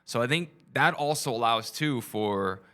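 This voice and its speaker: A man hosts a relaxed interview, his voice bright and forward. He talks in an animated way, laughing easily and acting out the people he quotes. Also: medium pitch, moderate pace. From family from Mexico. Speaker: podcast host. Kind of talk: casual conversational interview.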